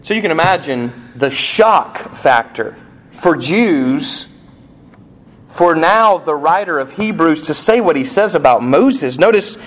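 Male pastor, sermon delivery, animated, rhetorical questions, slightly high-pitched. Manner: animated preaching, rising emphasis and rhetorical questions.

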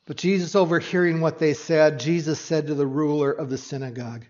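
A man preaching a sermon, earnest and expressive, swinging from hushed, quiet passages to emphatic ones. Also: on the high side, a little fast, highs cut off. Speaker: pastor.

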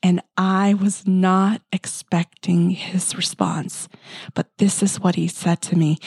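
A woman hosting a personal faith podcast, sharing a story in a soft, heartfelt way, often dropping close to a whisper. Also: on the low side, level tone, slow pace, creaky, husky, no echo. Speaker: podcast host.

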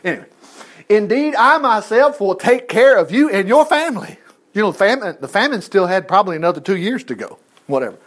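Man, preacher, high pitch, very animated, folksy asides, reading scripture. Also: fairly quick. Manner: folksy, animated, laughing asides, acts out characters' voices. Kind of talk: sermon, reading and commenting on scripture.

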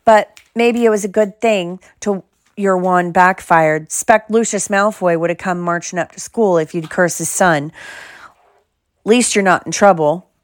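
A woman voicing a big, gruff, kindly male half-giant groundskeeper in an audiobook, speaking bluntly and colloquially. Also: lowish voice, unhurried, no echo, studio quality, close to an everyday voice. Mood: hearty. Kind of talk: audiobook character voice.

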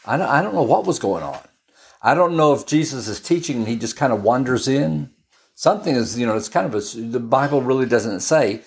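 Brief: male preacher, mid-pitched, conversational Bible teaching full of asides and restarts. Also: lively intonation, brisk, gravelly. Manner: chatty and storytelling, with frequent restarts and asides.

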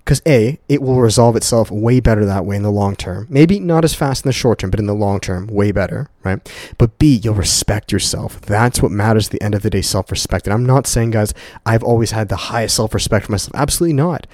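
A young man hosts his own casual motivational podcast from his condo at home, addressing listeners directly as "guys." His voice is lowish and darkish, and he talks fairly quickly, earnest and profane, repeating words for emphasis. The recording is dry and studio quality.

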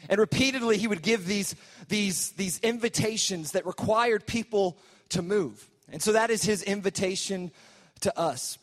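A man preaching to teenagers as a youth pastor, animated and conversational. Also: high-pitched, long reverb tail. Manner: animated, conversational preaching with mock-whiny asides. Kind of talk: sermon to teenagers.

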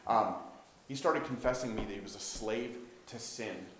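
With a fairly low, slightly bright voice at normal speed, a preacher delivers a sermon in a conversational style, storytelling, acting out dialogue and asking his audience questions. The recording has an echoey room and faint background noise.

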